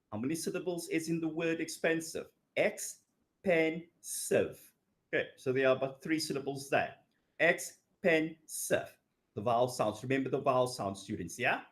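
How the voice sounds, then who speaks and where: A man with a slightly raised pitch gives a recorded grammar lecture, talking very slowly. He stretches key words out and keeps checking in with "okay" and "yeah". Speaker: English teacher.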